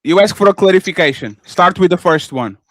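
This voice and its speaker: A man's voice: sits high, expressive, brisk, fairly bright tone. A man co-hosting a live audio-room talk, repeating himself, cutting in and scolding with exasperation. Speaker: co-host.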